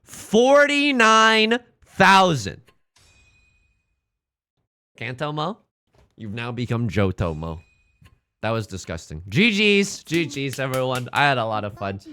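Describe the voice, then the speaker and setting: A man streaming a live card-and-tile game, commenting in a jokey, animated way with dramatic outbursts. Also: mid-range voice, moderate pace, dry recording.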